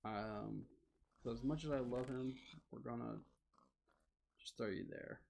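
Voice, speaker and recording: A man's voice: mid-range voice, a little slow, vocal fry, a little mellow, slight background noise. A young man streaming a video game, chatting casually and rambling with lots of fillers and self-deprecating asides. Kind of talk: casual gaming livestream chat.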